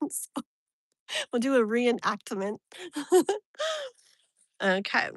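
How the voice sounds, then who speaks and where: Woman, casual live-stream host, chatty and rambling, laughs a lot, slightly high voice. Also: very slow, no echo, clean studio sound. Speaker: live tarot reader and streamer.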